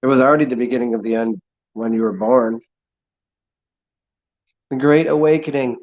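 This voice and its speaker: A man's voice: steady tone, normal speed, long pauses, a little mellow, dull audio. A man hosting a casual livestream, rambling sarcastically and swearing as he mocks others. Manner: sarcastic, mocks people in high put-on voices, swears. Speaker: livestream host.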